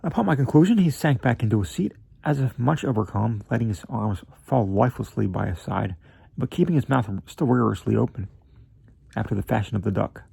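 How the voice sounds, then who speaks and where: A man narrating a classic story in a measured, slightly theatrical way, with an occasional slip of the tongue. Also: medium pitch, lively intonation, vocal fry, warm tone, slightly rough, no echo. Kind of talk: amateur reading of a classic story.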